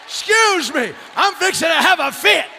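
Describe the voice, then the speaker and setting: A man preaching a fiery revival sermon, shouting and whooping in a folksy, rousing way. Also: extremely high pitch, animated, moderate pace, gravelly, a faint crowd, a little hiss or hum. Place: church sanctuary.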